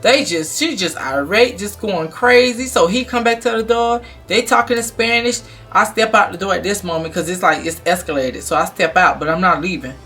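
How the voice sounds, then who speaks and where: Young female vlogger, blunt and animated storyteller, faint music underneath. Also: mid-range voice, moderate pace, few pauses. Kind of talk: storytime vlog.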